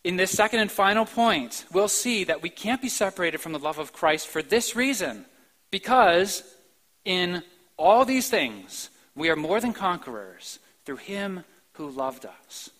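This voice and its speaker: A man preaching a sermon in a church, swinging between soft, slow passages and sudden loud, emphatic outbursts. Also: high-pitched, big pitch swings, low-quality recording. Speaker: pastor. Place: church sanctuary, live-streamed.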